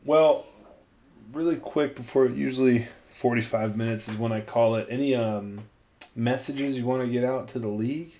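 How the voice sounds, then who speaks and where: A man's voice: medium pitch, normal speed, warm tone. A young man hosting a podcast, chatting casually, laughing often and swearing freely as he tells stories. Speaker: podcast host.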